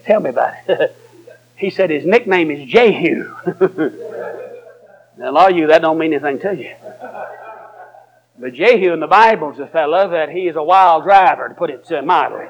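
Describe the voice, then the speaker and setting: A male preacher giving a sermon, telling folksy stories that swing from chuckling asides to emphatic shouts. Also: a little high, normal speed, long pauses, highs cut off.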